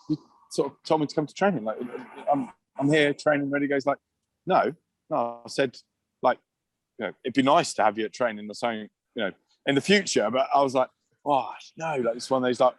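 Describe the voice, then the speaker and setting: A man's voice: medium pitch, quick pace, dry recording. A middle-aged man, a former rugby player, telling long anecdotes in casual chat with restarts and laughs.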